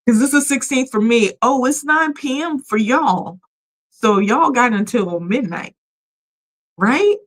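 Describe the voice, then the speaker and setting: On the high side and expressive, this American host speaks a little slowly over poor audio. She leads a casual livestream in a polished radio voice, chatty and emphatic, often breaking into laughter and reading the chat out loud.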